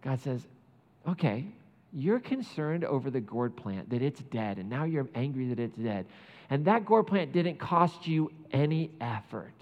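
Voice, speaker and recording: Animated man preaching in an echoey hall. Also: mid-range voice, measured pace, muffled recording. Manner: animated storytelling, acts out biblical characters. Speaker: pastor. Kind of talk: sermon.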